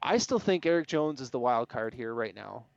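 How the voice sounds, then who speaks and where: Very animated and creaky, this co-host's mid-range voice moves at a moderate pace as he laughs easily and shares strong opinions about racing. It's casual sports chat on a podcast, with no room sound and a dull, dry lo-fi quality.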